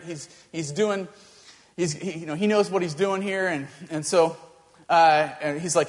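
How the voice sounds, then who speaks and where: High-voiced pastor telling a story. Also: male voice, long reverb tail. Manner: animated, halting storytelling with many restarts. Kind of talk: storytelling sermon.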